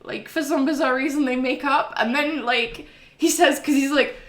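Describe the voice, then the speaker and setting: A woman's voice: sits high, moderate pace, roomy sound. A young woman streaming a game and recapping its story in a casual, chatty, sweary way. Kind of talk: casual chat.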